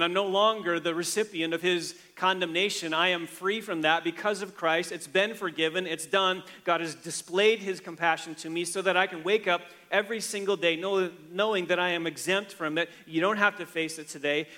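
A man preaching a sermon, swinging between emphatic, rising declarations and quiet, hushed lines. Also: high-pitched, fairly even intonation, moderate pace, hardly any pauses. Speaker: pastor. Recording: long hall reverb.

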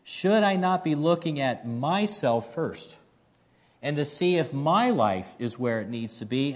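A man preaching a sermon, reading scripture aloud and then explaining it with earnest direct questions to his listeners. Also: mid-range voice. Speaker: pastor.

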